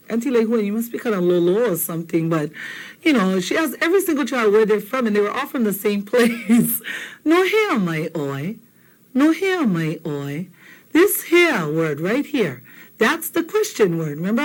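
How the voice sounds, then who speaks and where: A woman from Hawaii, teaching a casual language lesson, joking and repeating phrases slowly for learners. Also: fairly high pitch.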